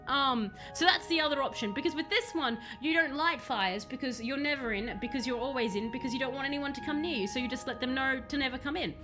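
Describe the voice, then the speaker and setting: Chatty young woman gamer, high voice, jokey tangents, some soft music under it. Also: fast, few pauses. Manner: chatty, rambling, playful joking asides. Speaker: game streamer. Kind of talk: casual live-stream chat while playing.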